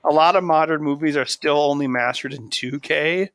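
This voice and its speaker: A man chatting casually as a podcast co-host, quick and quippy, often asking questions. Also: fairly high pitch, a bit bright, no room sound, clean studio sound. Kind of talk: casual chat.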